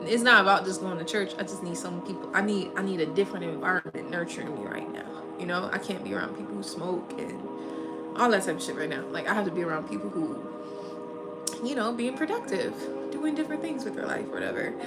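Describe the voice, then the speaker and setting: A young woman from Minnesota, hosting a casual livestream and telling a story in an animated, slangy way with bursts of laughter. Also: medium pitch, quick pace. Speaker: livestream host. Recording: music playing behind.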